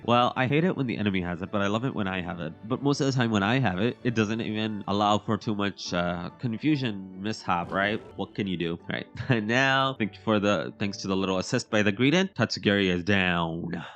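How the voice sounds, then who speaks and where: Low-voiced rambling game commentator man. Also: a bit bright, dull audio. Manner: rambling, self-deprecating, laughs often. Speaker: gameplay commentator. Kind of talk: casual gameplay commentary.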